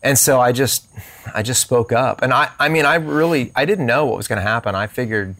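A man's voice: medium pitch, brisk, fairly bright tone. A man who is a podcast guest, telling a personal faith story and acting out quoted dialogue in shifting voices.

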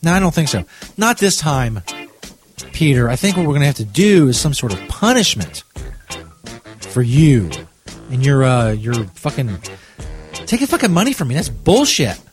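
A man's voice: mid-range voice, sing-song, moderate pace, long pauses, soft background music. A man hosting a comedy podcast, swearing a lot and ranting in exasperated outbursts. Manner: profane, exasperated, loud outbursts. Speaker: podcast host.

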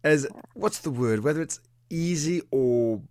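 A man, a dog trainer, telling a story in an animated way and acting out the quotes in a changing voice. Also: fairly high pitch, unhurried, no echo, clean studio sound. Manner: animated, acts out quotes in a shifting voice. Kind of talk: conversational storytelling.

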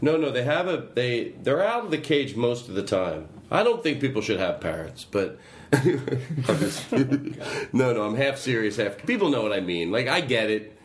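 A man's voice: mid-range voice, very animated, normal speed, roomy sound, slight background noise. A man hosting a casual comedy podcast, rambling, swearing and laughing between tangents. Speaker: podcast host.

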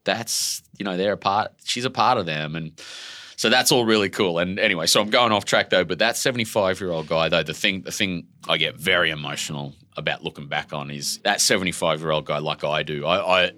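An Australian man in his forties, an author talking openly and emotionally in a relaxed interview, animated and full of casual slang. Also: sits low, fairly quick, no room sound. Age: 40s. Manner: emotional, animated storyteller, laid-back slang. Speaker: author guest.

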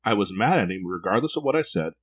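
A man's voice: lowish voice, expressive, quick pace, slightly rough. A man in casual conversation, candidly telling reflective personal stories as a podcast co-host.

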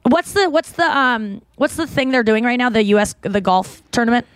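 A woman's voice: fairly high pitch, animated, moderate pace, smooth, no echo. Woman podcast host, casual rambling chat, fillers and restarts, dry close sound.

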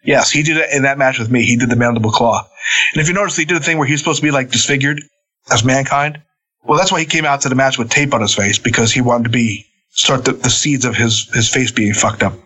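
A middle-aged man, a former wrestler, telling stories on a podcast in a casual, animated way, swearing freely and laughing between lines. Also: medium pitch, quick pace, breathy edge, rough recording. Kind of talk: casual storytelling.

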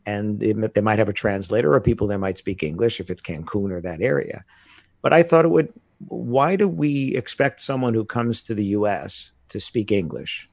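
Man from the US, lowish voice, lively storytelling, dry close sound. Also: moderate pace, gravelly, no echo. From United States. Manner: animated storytelling with laughs. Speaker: guest. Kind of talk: casual conversation.

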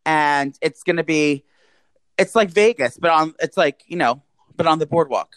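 A man's voice: a little high, moderate pace, a bit bright, smooth, no room sound. Campy, crude young man. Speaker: podcast co-host. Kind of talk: casual chat.

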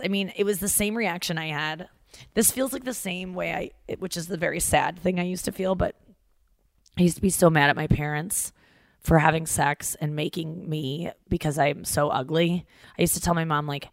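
Gravelly woman chatting animatedly. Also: on the low side, moderate pace, no room sound. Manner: animated storytelling with lots of fillers and voiced quotes. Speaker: podcast host. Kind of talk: casual chat.

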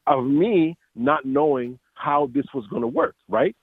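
A man's voice: a little high, lively intonation, measured pace, slightly rough, dry recording. A man in a casual interview, telling stories animatedly and acting out quotes, with many restarts. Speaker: voice actor guest. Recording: dry tinny phone-like line.

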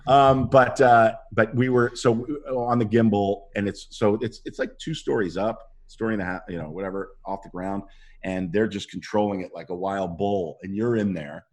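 A man with a very low, deep voice tells animated stories from a film set in a relaxed interview. He acts out other people's lines as he goes, and his pitch swings widely through the telling. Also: normal speed. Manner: animated anecdotes with acted-out quotes. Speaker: actor guest. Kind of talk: casual interview storytelling.

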